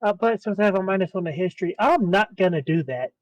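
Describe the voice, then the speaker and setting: A man's voice: high voice, lively intonation, quick pace, no echo, low-quality recording. A man playing in an online tabletop game, chatting casually, swearing freely and rambling. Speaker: player.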